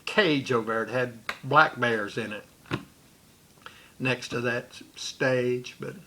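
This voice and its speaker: A man's voice: mid-range voice, takes it slowly, bright, forceful tone, slight background noise. A man recounting a personal memory in a rambling way, with restarts and asides. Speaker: storyteller.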